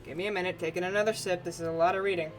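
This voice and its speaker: A woman's voice: lowish voice, fairly even intonation, very fast, faint music behind. A woman streaming a fishing game, chatting casually, laughing and swearing between dialogue. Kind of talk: casual gameplay commentary.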